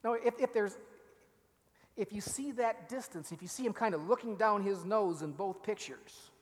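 A man with a fairly high voice delivers a sermon in what sounds like a church sanctuary. He acts out the quoted words with mounting force, then falls to a hush to drive a point home. Long reverb from the large room trails each phrase. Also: moderate pace. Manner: animated, acts out quoted lines, drops to near-whisper for emphasis. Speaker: preacher.

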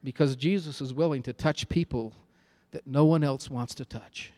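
A man's voice: mid-range voice, normal speed, mellow. A man preaching a sermon with an emphatic, repetitive cadence.

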